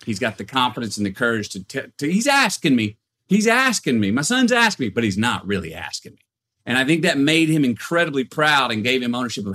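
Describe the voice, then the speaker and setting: A man who is a guest on a podcast, talking in a casual, animated storytelling way with frequent restarts and repeated words. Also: medium pitch, brisk.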